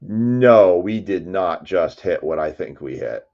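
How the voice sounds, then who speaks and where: Man, low-pitched, animated, hype card break commentary, dull lo-fi audio. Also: unhurried. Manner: excitable, shouts over big pulls; chatty, reads player names aloud.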